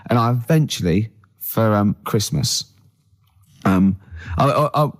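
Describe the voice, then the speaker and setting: A man's voice: lowish voice, expressive, measured pace. Giggly teasing man hosting radio. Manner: giggly, teasing, full of innuendo. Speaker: radio show host. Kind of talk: comic radio banter. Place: radio studio.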